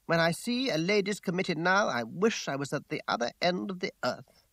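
A smooth-talking gentleman suitor pleads in an earnest, coaxing way, as a male audiobook reader puts him on. His lines are slightly high and sometimes slow. The recording is dry and close. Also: very animated, no echo, exaggerated voice. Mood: pleading. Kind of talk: audiobook character voice.

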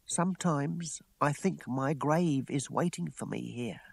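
A man voicing a quiet, troubled young female servant in an audiobook, speaking softly and wistfully in a raised voice. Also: fairly high pitch, a little slow, vocal fry, breathy edge, no echo, voice pushed up, full character voice. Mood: sorrowful. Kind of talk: audiobook character voice.

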